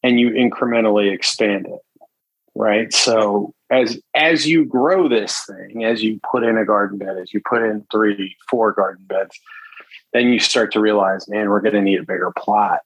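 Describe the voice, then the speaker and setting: A man's voice: on the low side, unhurried, slightly rough, no echo, lo-fi sound. A man speaking as a guest on a casual podcast from his home study, easygoing and rambling, chuckling often.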